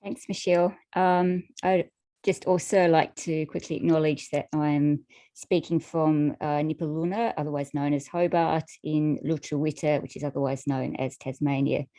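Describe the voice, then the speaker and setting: A woman's voice: low-pitched, fairly even intonation, normal speed, dark tone. A woman giving a guest presentation over a video call, casual and hesitant, with many ums and light laughs. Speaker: guest speaker. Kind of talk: presentation with slides.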